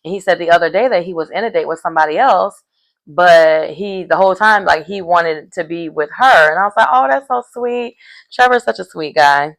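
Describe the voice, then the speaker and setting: A woman's voice: fairly low pitch, a little fast, rough recording. A woman casually recapping a reality dating show, chatty and full of fillers, retelling scenes through quoted dialogue.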